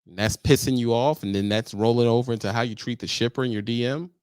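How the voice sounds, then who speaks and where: A man hosting a casual trucking livestream, talking bluntly and swearing, his voice jumping high and loud when he presses a point. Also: fast, smooth, no room sound, studio quality. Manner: blunt, animated, swears, rises to loud high-pitched emphasis. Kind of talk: casual advice talk to viewers.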